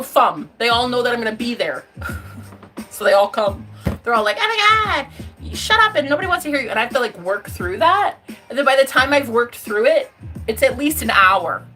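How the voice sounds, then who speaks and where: A woman's voice: on the high side, sharp tone. A woman hosting a casual livestream, effusive and bubbly, calling her viewers babe and honey and chanting affirmations. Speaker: livestream host.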